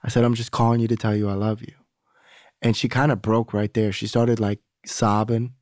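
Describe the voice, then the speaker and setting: The podcast guest talks fairly quickly in a lowish, darkish voice with little pitch movement, telling a candid, meandering, profane story. He acts out the other people's dialogue in casual conversation, and the studio sound is clean with no room sound.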